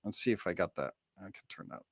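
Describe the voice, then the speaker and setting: A man's voice: sits low, lively intonation, fast, heavy background noise. Chatty storytelling male podcast host. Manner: rambling storyteller, many restarts. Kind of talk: casual podcast chat.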